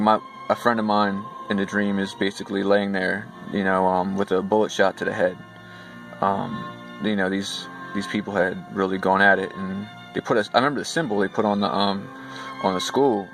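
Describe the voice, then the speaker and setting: A man with a low, gravelly voice casually retells a dream in a loose, rambling way, full of fillers and restarts. Clear music plays steadily behind him. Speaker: vlogger recounting dreams. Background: background music.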